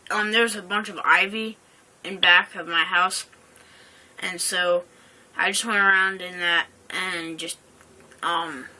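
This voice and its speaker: Standing outside by a house, a teenage girl talks into a phone camera in a voice on the low side that comes out pushed and bright. Her casual vlog meanders, full of hesitations, ums, and self-corrections.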